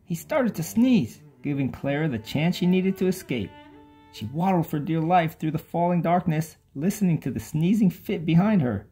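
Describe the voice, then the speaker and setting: A narrator reading a children's bedtime story aloud with lively, expressive storytelling. The voice sits in a middle pitch, with soft music faintly underneath. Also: normal speed, husky.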